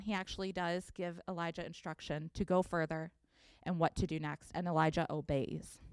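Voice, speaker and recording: Woman pastor, 30s, sermon delivery, expressive storyteller, slightly low voice. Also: smooth, dry recording, clean studio sound. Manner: expressive storytelling, reading scripture aloud.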